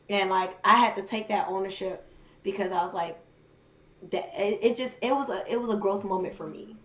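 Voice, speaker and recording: A woman's voice: medium pitch, steady tone, fairly quick. A woman co-hosting a podcast, telling a candid, confessional personal story in casual chat. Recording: echoey room with faint ambient noise.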